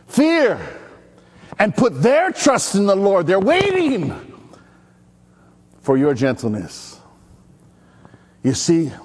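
Male pastor, high voice with big swings, chatty storytelling sermon. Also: creaky, breathy edge. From Maui, Hawaii. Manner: energetic, chatty, storytelling with call-and-response. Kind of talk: animated sermon.

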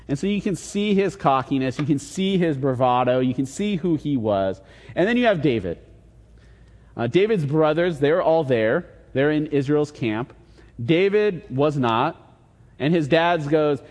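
A man's voice: fairly high pitch, lively intonation, measured pace, a little mellow. A man preaching a casual sermon, retelling a Bible story in an easy conversational way with quoted dialogue. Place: church hall. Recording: long reverb in a large hall.

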